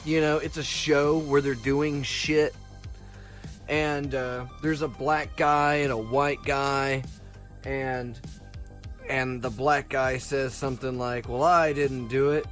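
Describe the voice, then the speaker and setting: A man's voice: medium pitch, flat delivery, takes it slowly, a bit bright, faint music behind. A man co-hosting a casual comedy podcast, telling a long rambling story and slipping into silly voices. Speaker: podcast co-host.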